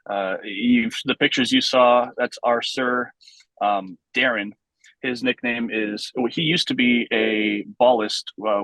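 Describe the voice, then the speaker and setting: Relaxed man with a dry, close sound. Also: mid-range voice, no echo, rough recording. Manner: relaxed, explanatory, many ums and uhs. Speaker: vintage base ball club member, guest. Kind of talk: casual podcast storytelling.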